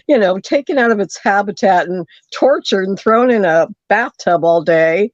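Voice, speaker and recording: Woman telling a lively story by phone. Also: medium pitch, normal speed, dry recording, lo-fi sound. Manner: animated storyteller, acts out quotes. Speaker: caller. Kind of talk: storytelling on a call-in show.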